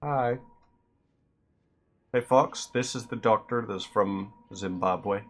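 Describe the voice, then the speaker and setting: Male streamer, low voice, rambling casual chat, dry self-deprecating humor. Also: slow pace. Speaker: livestreamer.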